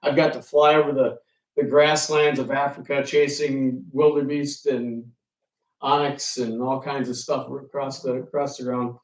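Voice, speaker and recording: Speaking unhurriedly in a medium pitch, a man who is a ferry pilot and writer entertains a roomful of listeners with lively stories, performing the conversations he recounts. The audio is distant and echoey.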